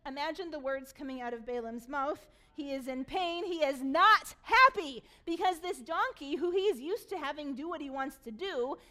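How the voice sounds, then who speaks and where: A woman pastor giving a sermon, reading scripture aloud and retelling it in an animated storytelling way, laughing along. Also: high voice.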